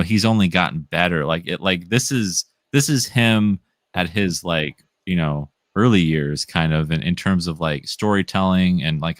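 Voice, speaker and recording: A young Midwestern man, a comic writer, chats as a guest in a casual interview in a low voice, captured in a dry recording. He rambles, peppering his speech with fillers like "like" and "um."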